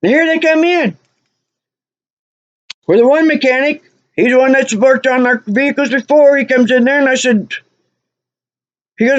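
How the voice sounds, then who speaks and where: A woman's voice: sits high, moderate pace, pauses often, no echo. A woman recounts a run-in on her vlog, exasperated and repeating herself for emphasis. The recording sounds dull and lo-fi. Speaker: vlogger. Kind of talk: animated personal storytelling.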